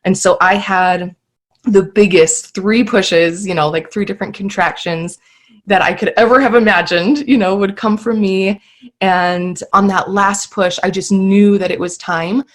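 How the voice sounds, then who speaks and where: A woman's voice: mid-range voice, fairly even intonation, unhurried. A woman in her thirties, a podcast guest telling her own story in an earnest, heartfelt way with many fillers. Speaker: guest sharing birth story.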